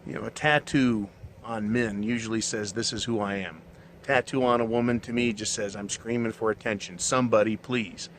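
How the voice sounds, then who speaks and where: A man's voice: mid-range voice, a bit bright, slight background noise. A man hosting his own show, delivering a blunt, profane, mocking monologue. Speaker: show host. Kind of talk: ranting monologue.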